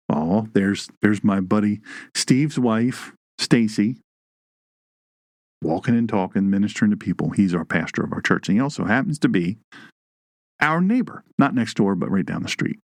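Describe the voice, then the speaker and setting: A man's voice: fairly low pitch, dry recording, clean studio sound. A man hosting an online Bible teaching show, with a folksy, joking manner and emphatic rises on key points. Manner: folksy, jokey asides, reads live chat.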